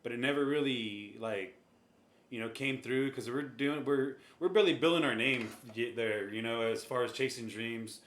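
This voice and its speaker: An easygoing man answers interview questions, often laughing and pausing to find his words. His voice rings in a roomy, echoing space. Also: mid-range voice, a bit bright. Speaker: guest, music label owner. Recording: roomy echo.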